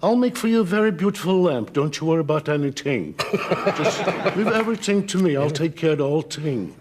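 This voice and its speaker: An older man putting on a high, lilting voice for a fussy, eager-to-please craftsman. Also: big pitch swings, fairly quick, background noise. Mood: reassuring.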